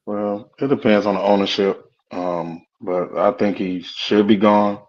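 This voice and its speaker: A man guesting on a sports talk show, speaking haltingly with many fillers. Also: fairly low pitch, steady tone. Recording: dull lo-fi sound.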